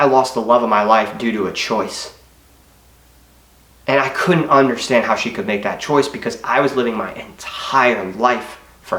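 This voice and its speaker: A man's voice: fairly low pitch, pushed and bright. Earnest young man in an echoey room. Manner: earnest, emotional, confessional, with hesitations. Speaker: motivational speaker. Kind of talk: personal story told to camera.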